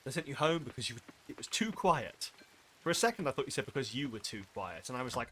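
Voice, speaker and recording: A man's voice: medium pitch, big pitch swings, fast talker, sharp tone, a little hiss or hum. A man from near Wales chatting casually while playing a game on stream, muttering a running commentary with jokey self-deprecating asides. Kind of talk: casual live-stream gameplay chat.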